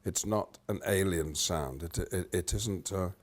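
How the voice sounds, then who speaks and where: An older British actor, being interviewed, explains things with lively shifts between loud and soft and a humming rhythm. His voice sits low and he speaks a little slowly.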